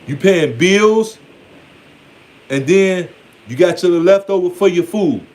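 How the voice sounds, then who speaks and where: High-voiced man giving a blunt rant. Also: expressive, slow pace, darkish tone. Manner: blunt, mocking, playfully scolding. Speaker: spiritual speaker. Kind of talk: casual preaching monologue.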